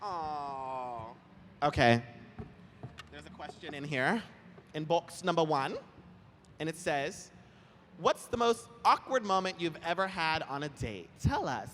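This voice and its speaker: A young man chatting as an interview guest on a convention stage, animated and quick to laugh, telling his stories with lively put-on voices. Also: on the high side, slight background noise. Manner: animated, giggly, lively storytelling. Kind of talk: casual chat on stage. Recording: roomy hall with faint ambience.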